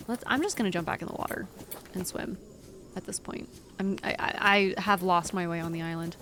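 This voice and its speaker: A woman's voice: on the low side, fairly quick, noisy background. A young woman streaming a game live, chatting casually with her viewers in a rambling, giggly way. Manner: rambling, giggly, talks to chat.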